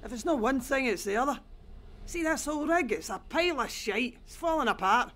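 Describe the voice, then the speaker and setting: An actress playing a grumbling, coarse-mouthed rig worker in a video game. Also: female voice, high voice, lively intonation, brisk, fairly bright tone.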